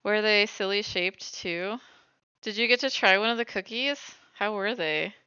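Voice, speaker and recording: A woman's voice: mid-range voice, measured pace, bright, forceful tone, smooth, no room sound, highs cut off. A woman streaming while she bakes, chatting casually and thinking aloud as she cooks. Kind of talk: casual livestream chat while baking.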